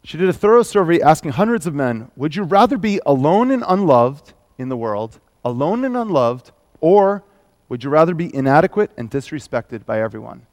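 A man's voice: a little high, big pitch swings, normal speed, a little mellow, dry recording. Preacher, male, thirties; chatty, self-mocking delivery, dry close mic. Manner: conversational, self-deprecating preaching. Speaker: pastor. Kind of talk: sermon.

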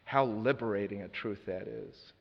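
A man preaching a sermon as a story, earnest with dry asides, moving between loud and hushed delivery. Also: fairly low pitch, normal speed, gravelly, slightly rough. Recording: reverberant hall, dull lo-fi sound.

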